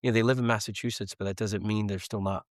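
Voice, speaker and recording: A man's voice: on the low side, fairly even intonation, quick pace, no room sound, studio quality. A man in his thirties, a podcast guest talking candidly and earnestly about faith and family. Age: 30s. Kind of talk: casual faith conversation.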